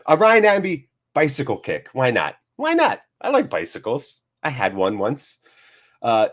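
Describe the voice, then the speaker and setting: A man hosting a live football watchalong, chatting to viewers in an upbeat, jokey way and reading out their comments. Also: a little high. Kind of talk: live-stream chat to viewers.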